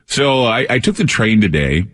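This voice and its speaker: A man's voice: on the low side, sing-song, moderate pace, fairly bright tone, breathy edge, long reverb tail. A man hosting a radio talk show, telling a rambling personal story with many restarts.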